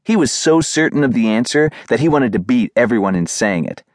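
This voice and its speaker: Expressive male audiobook narrator. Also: mid-range voice, fairly quick, no room sound, studio quality. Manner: expressive storytelling.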